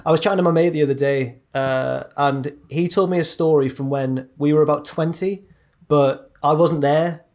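A man's voice: on the high side, steady tone, moderate pace, darkish tone. A young man co-hosting a podcast, telling a long rambling story in a casual, chatty way. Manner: rambling, chatty, drops into mate's voices. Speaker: podcast co-host.

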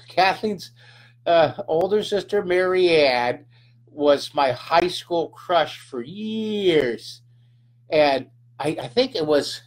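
A middle-aged man leads a casual live drawing lesson, chatting upbeat with his viewers while he sketches. His voice sits a little higher than most men's, and he rambles warmly between steps. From California. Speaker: drawing teacher.

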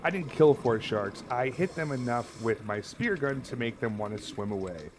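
A man streaming a horror game, commentating live and often yelling and swearing in panic. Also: mid-range voice, lively intonation, normal speed, noisy background.

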